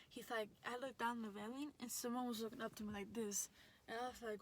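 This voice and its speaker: A woman's voice: on the high side, steady tone, fast talker, a little hiss or hum. A young adult woman telling a story in a casual vlog, chatty and full of fillers and restarts. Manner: chatty, lots of likes and restarts. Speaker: vlogger.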